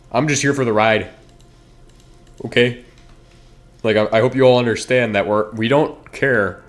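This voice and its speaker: A man chatting casually to his viewers while streaming a game, rambling and cutting himself off mid-sentence. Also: fairly low pitch. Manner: rambling, self-interrupting, talks straight to chat.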